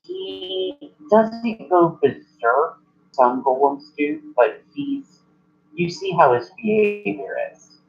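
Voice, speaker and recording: A man playing a composed woman in charge at a temple who speaks calmly and gives instructions. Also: high voice, takes it slowly, vocal fry, dull audio, a little hiss or hum, voice pushed up, heavily acted. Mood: instructive.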